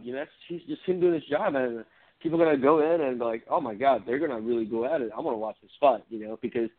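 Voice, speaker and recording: A man co-hosting a casual combat sports podcast, animated and laughing often. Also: medium pitch. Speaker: co-host. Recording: phone-like narrow sound.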